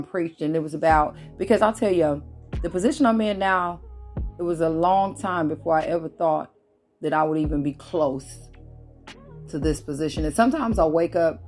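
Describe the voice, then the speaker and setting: Animated woman addressing viewers. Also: fairly low pitch. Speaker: vlogger. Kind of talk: casual motivational talk to viewers.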